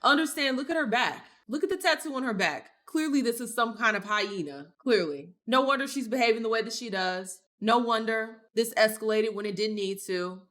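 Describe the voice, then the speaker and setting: A woman's voice: on the high side, moderate pace, hardly any pauses, a bit bright. A woman giving blunt, exasperated reaction commentary, swearing freely. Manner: blunt, exasperated, profane ranting. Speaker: commentary vlogger.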